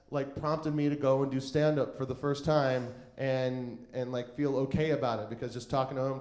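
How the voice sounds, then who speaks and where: A man's voice: mid-range voice, darkish tone, reverberant. A man doing stand-up comedy, telling a long story in a rambling, self-mocking way full of "like" and restarts. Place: comedy club stage.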